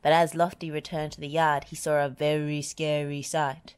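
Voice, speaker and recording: A woman reading a children's picture book aloud in a slow, gentle way. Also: sits low, little pitch movement, smooth. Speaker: storybook reader.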